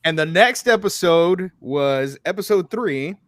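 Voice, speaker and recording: A man's voice: high voice, measured pace, dry recording, studio quality. A man in his thirties hosting a podcast, chatting casually and telling stories, with lots of swearing and filler words. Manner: animated storytelling, swears freely, lots of "like". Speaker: podcast host. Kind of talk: casual chat.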